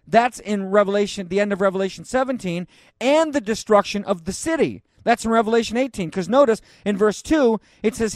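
A man, a pastor, teaching the Bible verse by verse in a conversational way, with joking asides and loud, emphatic readings of the scripture. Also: high voice, dry recording, clean studio sound.

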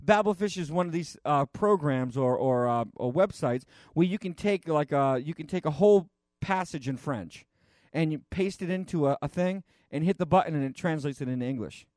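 A man preaching a conversational sermon, rambling and animated, with frequent restarts and fillers. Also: on the high side, normal speed, no echo, clean studio sound.

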